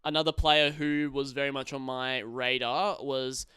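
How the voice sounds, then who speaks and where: Bright, crisp man chatting footy. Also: mid-range voice, flat delivery, normal speed, no room sound, clean studio sound. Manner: laughs easily, swears casually, trails off mid-sentence. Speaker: podcast co-host. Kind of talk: casual sports chat.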